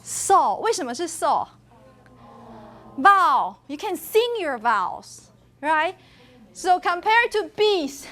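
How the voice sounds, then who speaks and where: A woman teaches a university phonetics class, with a high-pitched voice. She moves back and forth between English and Mandarin. She demonstrates tones and vowels by voicing them out loud. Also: sing-song, measured pace. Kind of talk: classroom lecture.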